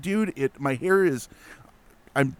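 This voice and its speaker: Man, mid pitch, smooth clear voice, dry close sound; animated casual storyteller. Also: slow, no room sound. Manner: animated, lots of fillers and restarts. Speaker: guest telling a ghost story.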